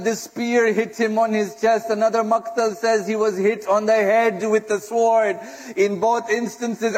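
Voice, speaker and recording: A man giving an impassioned religious sermon, chanting lines in Arabic and speaking on the verge of tears as he addresses the audience. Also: very high voice. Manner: impassioned, breaks into chanted Arabic and near-sobbing. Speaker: speaker recounting a martyrdom narrative. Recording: long hall reverb.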